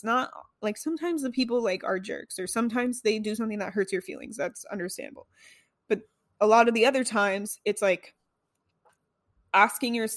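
A woman's voice: medium pitch, a bit bright, no echo, clean studio sound. A young woman talking casually about self-reflection, full of "like" and "right?", with some swearing. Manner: chatty, lots of "like" and "right?". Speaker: self-help speaker. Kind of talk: casual monologue.

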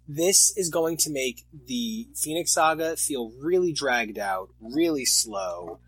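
A man in casual chat about comics, animated and often exasperated as he reviews the stories. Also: a little high, slow pace, husky, no room sound, poor audio. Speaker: comic podcast co-host.

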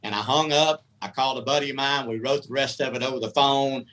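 This middle-aged man spins a long, candid tale in a folksy, rambling manner. His voice has a bright, forceful edge and sits at an ordinary pitch for a man. He talks loosely, like a guest at ease. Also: fairly even intonation, fast, low-quality recording. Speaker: guest, country singer. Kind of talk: casual storytelling.

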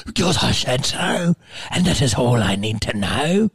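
A man's voice: mid-range voice, very animated, measured pace, gravelly, a bit bright, husky, heavily acted. A man voicing a strict old woman nun teacher with a half Irish accent, scolding in clipped commands.

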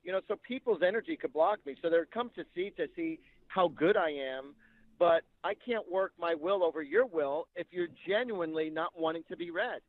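A man's voice: on the high side, moderate pace, no room sound. Male guest, medium, chatty storyteller; narrow phone-like sound. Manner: chatty, animated retelling with quoted dialogue. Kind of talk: casual storytelling. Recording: tinny phone-like line.

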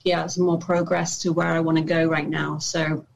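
A woman's voice: low voice, flat delivery, creaky, low-quality recording. A young adult woman, an actor, talking reflectively in a casual interview, often restarting her sentences. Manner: reflective, halting with many restarts and fillers.

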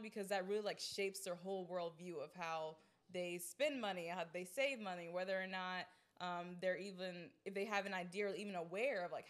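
A woman's voice: mid-range voice, a bit bright. Young woman cohost, chatty, lots of likes and ums, giggles a lot. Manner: filler-heavy, giggly. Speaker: podcast co-host. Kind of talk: casual chat.

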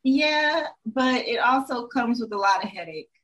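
A woman's voice: a little high, lively intonation, a little slow, fairly bright tone, low-quality recording. A young adult woman, a dentist, talking frankly in a casual podcast chat, full of "like" and "you know".

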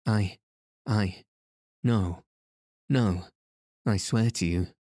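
A man's voice: on the low side, measured pace, warm tone, no room sound, studio quality, close to an everyday voice. A man voicing a frightened, stammering young suspect who pleads his innocence, in a storybook reading. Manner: nervous, pleading.

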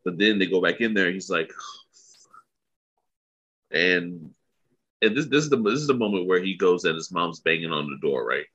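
Very deep guy, bright husky voice, loose casual chat, swears, dull lo-fi mic. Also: lively intonation, normal speed, long pauses. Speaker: podcast co-host. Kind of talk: casual episode recap chat.

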